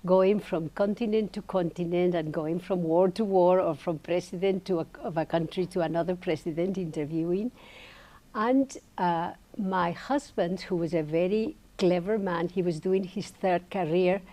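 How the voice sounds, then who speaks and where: An older woman, a podcast guest, telling her story in an animated way and poking fun at herself. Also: on the low side, moderate pace. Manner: animated, lively storytelling with playful self-mockery. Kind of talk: storytelling interview answer.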